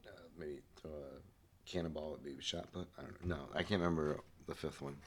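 A man's voice: rumbling low, steady tone, brisk, slightly rough. A man co-hosting a podcast, bantering in a laid-back, unsure way with laughs. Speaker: podcast co-host. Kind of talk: casual chat.

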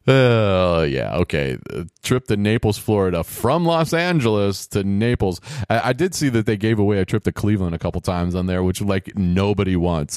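A man with a somewhat low voice riffs through casual play-by-play of a game show. He rambles and throws in sarcastic wisecracks. The sound is close and dry, with no room echo. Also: lively intonation, moderate pace, a little mellow. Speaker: show commentator.

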